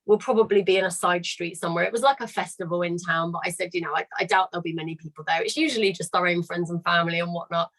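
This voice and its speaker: A woman's voice: lowish voice, very fast, few pauses, a bit bright, rough recording. A woman who leads a choir tells a story in casual chat on a video call, candid and chatty, swearing now and then. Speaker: choir leader.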